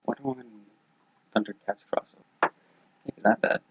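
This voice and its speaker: A young man co-hosting a podcast, chatting casually with short, dry, low-key replies. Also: a little fast, a bit bright. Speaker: podcast co-host. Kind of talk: casual chat. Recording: dull lo-fi podcast audio.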